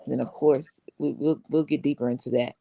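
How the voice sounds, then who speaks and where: A podcast co-host with a gravelly, creaky voice and a mid-range pitch who sets up the episode casually. The recording is dry and close, with little room sound. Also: fairly even intonation, fairly quick, mellow, no echo. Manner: conversational, with frequent "right?" and "um" asides. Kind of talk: casual show introduction.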